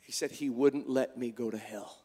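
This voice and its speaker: A man preaching a sermon, moving between quiet storytelling and shouted, impassioned calls. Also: mid-range voice, steady tone, normal speed, in a large hall, slight background noise. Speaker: pastor. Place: church.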